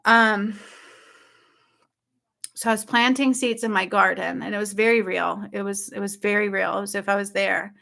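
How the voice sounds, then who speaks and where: Bright, excitable woman retelling a dream. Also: medium pitch, normal speed, gravelly. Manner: excited, breathless storytelling with frequent "like" and "okay?". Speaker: spiritual channel host. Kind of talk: casual dream retelling to viewers.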